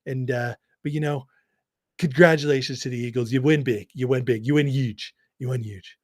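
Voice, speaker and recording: A man's voice: medium pitch, fairly even intonation, normal speed, no echo, studio quality, close to an everyday voice. A man doing a weak impression of a boastful older male president who keeps repeating himself. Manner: repeats phrases, bragging superlatives. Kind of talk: amateur impression on a livestream.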